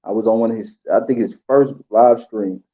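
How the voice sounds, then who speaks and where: Man, emotional, halting speech with fillers, fairly low voice, dull lo-fi sound. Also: fairly even intonation, a little hiss or hum. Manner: halting, many pauses and fillers. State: emotional, holding back tears. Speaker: channel host. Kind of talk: emotional tribute monologue.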